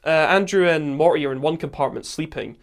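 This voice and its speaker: A man with a Scottish accent, hosting a podcast and telling a camping story in a casual, animated way, acting out quotes and laughing often. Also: a little high, a little fast. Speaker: podcast host.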